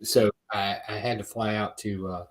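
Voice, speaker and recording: A man's voice: lowish voice, steady tone, moderate pace, slight background noise, rough recording. A middle-aged man chatting casually on a panel, a rambling, jokey storyteller. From United States. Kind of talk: casual chat.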